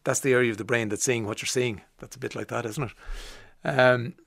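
A man's voice: medium pitch, steady tone, a little fast, gravelly, a bit bright, no room sound, clean studio sound. An Irish man hosting a radio show, chatting casually and reading out listener messages with frequent "uh" fillers. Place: radio studio.

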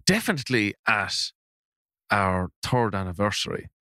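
Deadpan man, low voice. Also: normal speed, no room sound, clean studio sound. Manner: deadpan, absurd. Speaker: comedy panel guest. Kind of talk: deadpan comic banter.

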